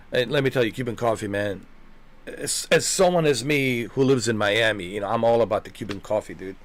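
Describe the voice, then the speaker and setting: A man hosting a gaming channel, chatting casually in a rambling way, swearing and repeating himself. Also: medium pitch.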